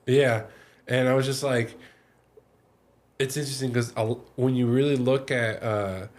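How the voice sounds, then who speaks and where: A man's voice: medium pitch, fairly even intonation, a little mellow. Easygoing male podcast host, stop-start speech. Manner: halting, repeats words as he restarts. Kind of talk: casual podcast interview. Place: podcast studio.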